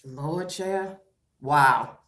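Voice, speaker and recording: A middle-aged woman chatting on a casual livestream, loud and playful, breaking into laughter and talking straight to her viewers while she does her hair at home. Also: deep voice, drawn-out words. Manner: slangy and animated, talks straight to viewers. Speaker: vlogger doing a livestream.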